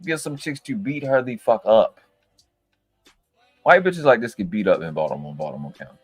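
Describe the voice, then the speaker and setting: A man hosting a live reaction stream, ranting in a profane, exasperated, slang-heavy way, swinging from loud outbursts to low mutters. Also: animated, moderate pace, slightly rough, no echo, soft background music.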